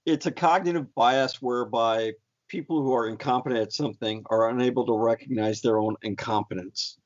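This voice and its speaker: A man's voice: mid-range voice, brisk. A man co-hosting a casual podcast chat, easygoing and a little hesitant. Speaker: podcast co-host. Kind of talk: casual late-night chat. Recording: dull lo-fi podcast audio.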